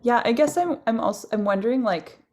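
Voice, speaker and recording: A woman's voice: on the high side, a little fast, a little mellow. A woman from the gallery interviewing an artist over a video call, asking long, rambling questions with many fillers.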